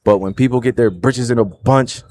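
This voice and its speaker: A livestream host in his thirties with a New Jersey accent talks to viewers in an earnest, reflective monologue, often checking in with "right?" and "you know." His voice is medium-pitched and slightly mellow at normal speed.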